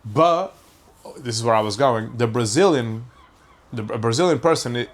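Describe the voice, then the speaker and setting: Swearing man musing aloud. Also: mid-range voice. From Portugal. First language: Portuguese. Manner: rambling, questioning, swears freely. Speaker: podcast host. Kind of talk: casual podcast monologue.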